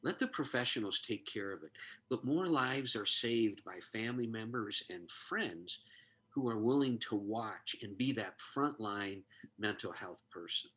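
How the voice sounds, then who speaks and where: A man's voice: lowish voice, lively intonation, measured pace, a bit bright, husky. A man telling a heartfelt story in conversation, earnest and moved, acting out the dialogue he recounts. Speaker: guest, suicide prevention expert.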